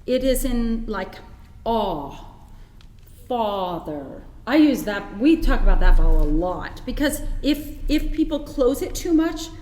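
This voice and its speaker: A woman's voice: on the high side, sing-song, normal speed, few pauses, a little mellow, roomy sound, in a large hall. A woman presenting a webinar on choral conducting, explaining and demonstrating vowel sounds with frequent fillers. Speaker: choir conductor and workshop presenter. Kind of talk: webinar teaching.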